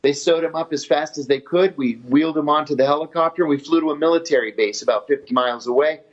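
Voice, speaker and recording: A man telling his story in an interview in a steady, matter-of-fact way. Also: fairly high pitch, quick pace. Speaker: former intelligence officer telling his story. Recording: dull lo-fi audio.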